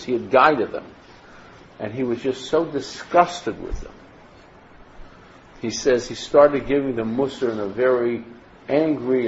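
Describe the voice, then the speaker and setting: A man's voice: mid-range voice, a little hiss or hum. A man teaching a Torah class, reading passages from a text aloud and explaining them with frequent restarts. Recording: dull lo-fi recording.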